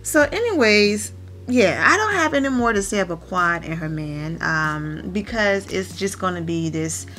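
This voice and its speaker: Woman, bright forceful voice, recapping TV in a chatty, opinionated way, soft music behind. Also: medium pitch. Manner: animated, opinionated, quick asides. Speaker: reality TV recap host. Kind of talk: casual commentary recap.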